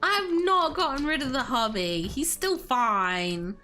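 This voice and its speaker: A woman's voice: sits high, animated, a little slow, bright, forceful tone. A woman streaming a game and chatting casually with viewers, giggling often and laughing to tears. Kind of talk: casual livestream chat.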